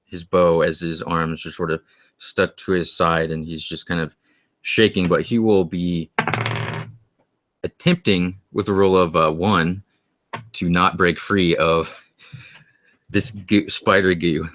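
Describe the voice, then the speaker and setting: A man playing a tabletop game, describing his character's actions in a hesitant, unhurried way. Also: low voice, fairly even intonation, fairly bright tone, dry recording. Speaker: player.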